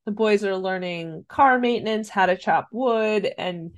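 A woman's voice: mid-range voice, unhurried. A woman co-hosting a casual chat, recapping a film with laughs. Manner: chatty, laughs while telling. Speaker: podcast co-host.

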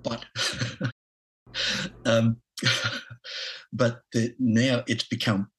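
A man in his sixties with an Australian accent, a podcast guest talking haltingly with lots of restarts and chuckles. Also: medium pitch, level tone, fairly bright tone, slightly rough, low-quality recording. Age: 60s. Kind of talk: casual interview.

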